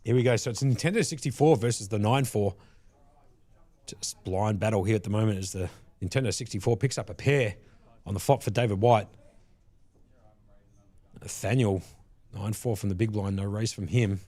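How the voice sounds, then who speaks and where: A man commentating a live poker stream from a commentary box on a headset mic, relaxed and chatty, with frequent laughs. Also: on the low side, normal speed, long pauses, dry recording. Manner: easygoing, laughs often, chatty asides.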